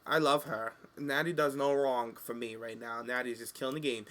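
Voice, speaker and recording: Casting note: male co-host, bright and forceful tone, sassy and animated storytelling. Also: medium pitch, normal speed. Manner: animated, sassy, acts out quotes. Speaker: podcast co-host. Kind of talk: casual chat recapping wrestling.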